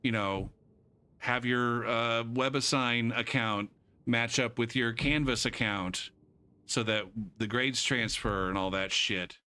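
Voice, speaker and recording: A man's voice: medium pitch, takes it slowly, pushed and bright, clean tone. A college instructor, a man, ranting casually and profanely with rambling asides. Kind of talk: casual rant to camera.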